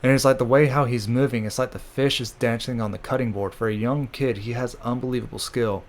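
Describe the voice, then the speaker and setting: A man's voice: medium pitch, steady tone, fairly quick. Rambling man recapping a comic. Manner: rambling, with many fillers and crude jokes. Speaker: channel host recapping manga. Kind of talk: casual recap.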